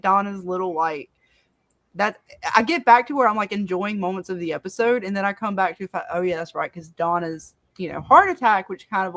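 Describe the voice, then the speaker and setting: A woman's voice: mid-range voice, fairly bright tone, no echo. A woman on a podcast panel in casual fan-show discussion, talking with profanity and acting out quotes from the show.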